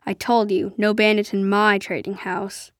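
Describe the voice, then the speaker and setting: A woman voicing a stubborn old male trader who gives curt, gruff refusals. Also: mid-range voice, flat delivery, measured pace, no room sound, studio quality, lightly acted.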